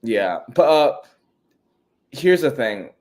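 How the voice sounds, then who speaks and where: A man's voice: medium pitch, very animated, slow pace, a little mellow. A man co-hosting a podcast, talking bluntly and casually with lots of fillers. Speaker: podcast co-host. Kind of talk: casual chat.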